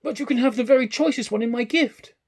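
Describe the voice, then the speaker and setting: A man reading aloud and voicing an excitable, generous elderly gentleman who exclaims in a high, eager voice. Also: fast, breathy edge, full character voice. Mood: jubilant.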